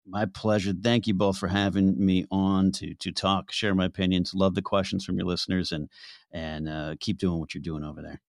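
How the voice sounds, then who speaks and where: Man, low voice, dry sound, pauses and restarts. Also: level tone, no room sound. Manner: hesitant, many fillers and restarts. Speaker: podcast guest, author. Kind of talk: casual interview answers.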